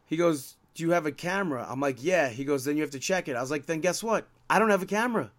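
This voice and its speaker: A man whose voice is on the high side talks fast as he tells a podcast story, quoting and acting out each exchange. His animated, casual storytelling becomes steadily more exasperated.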